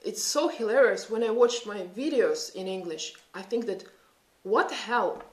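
This Russian-accented beauty vlogger in her thirties sounds animated, speaking at medium pitch and normal speed. In an echoey room, she chats and thinks aloud while working through a casual makeup tutorial.

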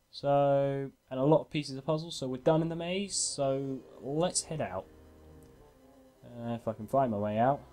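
A man's voice: medium pitch, a little mellow. A man hosting a game walkthrough in casual gameplay commentary, chatty and self-mocking, laughing often.

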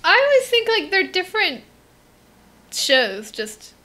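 A woman's voice: very high voice, sing-song, unhurried, sharp tone. A teenage girl co-hosting a podcast, chatting in a teasing, giggly, rambling way. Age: teens. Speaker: podcast co-host. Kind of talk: casual chat.

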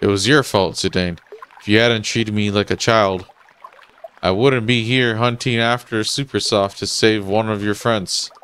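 A man's voice: fairly low pitch, steady tone, a little slow, fairly bright tone, a little hiss or hum. A man voicing a dutiful, pompous male knight who talks in a stern and stiffly formal way, with faint game music behind him. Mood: brooding.

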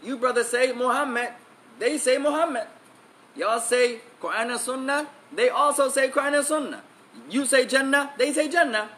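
A man's voice: very high voice, normal speed, pushed and bright. A man giving an emphatic religious lesson, repeating key phrases and switching between English and Arabic. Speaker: Islamic teacher.

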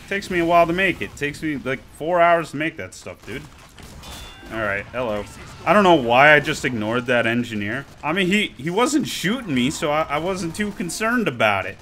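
A man's voice: on the high side, sharp tone. A man giving joking, exclaiming running commentary over his own gameplay. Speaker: gaming video creator.

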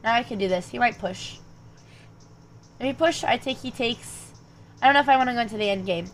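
Fairly quick and slightly high-pitched, a young woman talks through her chess moves on stream over slight background noise. She mutters lines and calculations to herself, then turns to her viewers in louder, animated bursts of chat.

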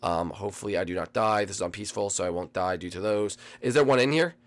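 A teenage young man giving excitable gameplay commentary to his viewers, dropping to a mumble and then bursting into yells. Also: low voice, fast talker. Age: late teens. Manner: excitable, swings from mumbling to yelling; addresses viewers as folks. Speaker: gaming video host.

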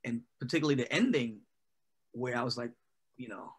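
A man, a poet, answering interview questions in a loose, casual way, full of "you know" and quick asides over a video call. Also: mid-range voice, slightly rough. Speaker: poet and guest.

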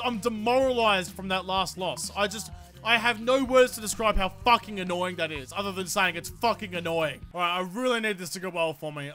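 An Australian man with a very high, bright and sharp voice, talking through a football video game as he plays. He rants and swears freely at the game and his teammates, in the loose style of live gameplay commentary.

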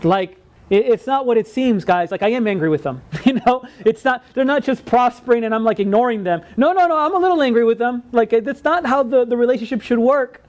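Guy pastor with a really high voice, chatty sermon, keeps checking in with "right?", acts out the quotes. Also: a little fast. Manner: conversational, keeps asking "right?"; acts out God's words in lively voices.

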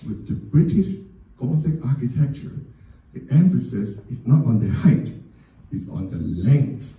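A man's voice: mid-range voice, expressive, measured pace, warm tone, muffled recording. A man giving an informal lecture on architecture over slides, chatty and full of "you know" and "okay?" asides. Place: church hall or lecture room. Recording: very echoey room, mic far off.

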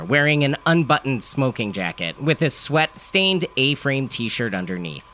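A man's voice: mid-range voice, bright, forceful tone, a little hiss or hum. A man narrating a comic story in a dry, matter-of-fact first-person delivery.

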